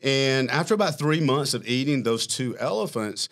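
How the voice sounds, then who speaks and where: A man, a company chief executive, telling a long story in a casual interview, animated and self-mocking, laughing as he talks. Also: medium pitch, normal speed. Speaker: firm CEO, podcast guest.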